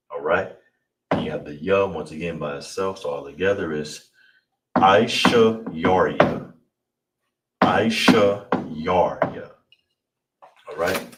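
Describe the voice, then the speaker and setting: A man with a Chicago accent teaching an online language class, saying words slowly and repeating them, often checking that listeners understand. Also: deep voice. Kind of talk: online language lesson, livestream. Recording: roomy echo, distant mic, faint noise.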